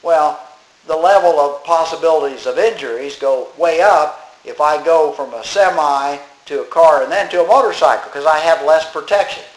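A man preaching a sermon as pastor, plain-spoken, reading scripture slowly and stressing key words. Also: fairly high pitch, reverberant, low-quality recording.

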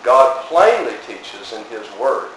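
A man's voice: medium pitch, sing-song, slow, fairly bright tone. A man preaching a sermon in an earnest, emphatic way, his voice rising on pointed questions. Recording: echoey hall, distant mic, faint noise.

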